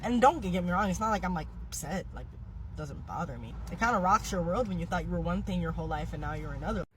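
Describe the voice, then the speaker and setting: A woman casually telling a personal story in an animated way, with swearing and laughing asides. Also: on the low side, quick pace, slight background noise, low-quality recording. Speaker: social media commenter.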